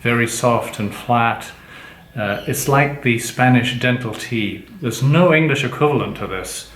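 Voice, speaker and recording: A man's voice: medium pitch, a little slow, a bit bright. Man teaching pronunciation in an echoey room. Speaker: language teacher. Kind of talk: explaining pronunciation. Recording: echoey room with faint background noise.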